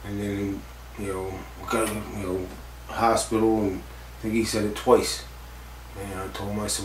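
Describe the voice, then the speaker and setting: Guy with a lowish voice rambling and cussing thru a story, kinda far from the mic, faint hiss behind. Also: level tone, unhurried. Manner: rambling, profane, full of fillers like "like" and "you know". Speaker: interviewee recounting a stunt accident. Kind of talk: casual storytelling interview. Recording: roomy echo, distant mic, faint background noise.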